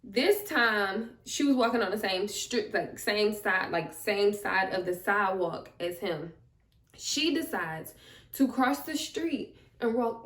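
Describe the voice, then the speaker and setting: A young woman telling a storytime vlog in an animated, chatty, slangy way. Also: mid-range voice, takes it slowly. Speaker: vlogger. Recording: roomy, distant mic.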